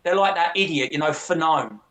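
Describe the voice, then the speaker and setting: A man's voice: on the high side, a little fast. A man in casual chat, telling stories with lots of swearing and mimicking other people's voices. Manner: profane, animated storyteller who mimics others.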